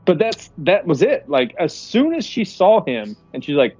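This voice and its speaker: A man's voice: mid-range voice, expressive, normal speed, hardly any pauses, breathy edge, dry recording, lo-fi sound, soft background music. A man co-hosting a casual movie podcast, animatedly acting out scenes in funny voices. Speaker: podcast co-host. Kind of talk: casual movie chat over beer.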